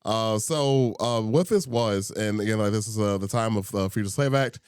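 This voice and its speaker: A man's voice: fairly low pitch, normal speed, darkish tone, smooth, no echo, studio quality. A young man co-hosting a casual podcast chat. He laughs often and talks with many fillers and restarts. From Indiana, USA. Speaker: podcast co-host.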